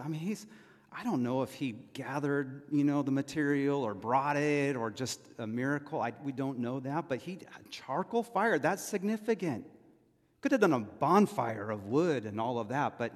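A man from California preaching a sermon as pastor, telling it conversationally with asides and questions to the congregation. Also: medium pitch. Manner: conversational storytelling with frequent asides and rhetorical questions. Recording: long reverb of a large hall.

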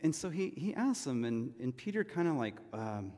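His dark, medium-pitched voice swings widely in pitch at normal speed, with hardly any pauses. A pastor from California, he preaches in a conversational storytelling style full of asides and rhetorical questions to the congregation. Long reverb from a large hall surrounds him.

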